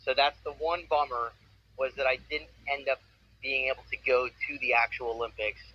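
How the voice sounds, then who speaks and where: A man's voice: mid-range voice, fairly even intonation, moderate pace. A man in his forties, a voice actor telling stories in a casual interview with an upbeat, enthusiastic manner. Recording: muffled with faint noise.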